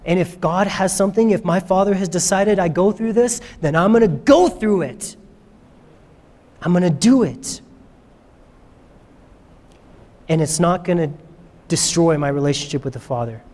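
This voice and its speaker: A man voicing Jesus as a calm, resolute figure speaking steadily and without fear, within a sermon. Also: sits high, normal speed, close to an everyday voice. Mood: trusting. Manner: steady, unafraid speech in first person. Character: calm, resolute Jesus facing his trial. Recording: long reverb of a large hall.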